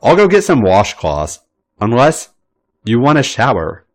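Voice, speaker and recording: A man's voice: mid-range voice, wildly swooping pitch, unhurried. A man voicing a cheerful, affectionate young man who teases in a sing-song way. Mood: gentle. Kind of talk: audiobook-style read fiction.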